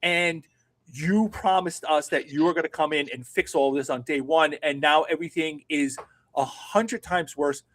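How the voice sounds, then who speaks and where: Profane, ranting man with a higher voice. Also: normal speed, fairly bright tone. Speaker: political podcast co-host. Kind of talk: casual political commentary.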